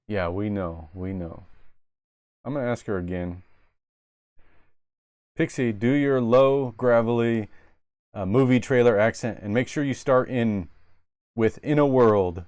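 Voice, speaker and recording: Guy hosting a stream, loose rambly chat, smooth clear voice, dry close sound. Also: mid-range voice, measured pace, pauses often, a little mellow, dry recording. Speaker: streamer host. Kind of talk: casual live stream chat.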